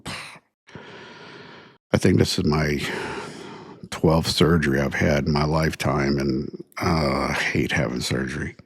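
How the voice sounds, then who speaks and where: A man's voice: extremely low pitch, steady tone, slow, gravelly, pauses often, slightly rough. A middle-aged man, tired and sore after surgery, casually recounting events as a podcast host with lots of fillers. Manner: rambling, many fillers, retells dialogue. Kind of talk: casual first-person storytelling.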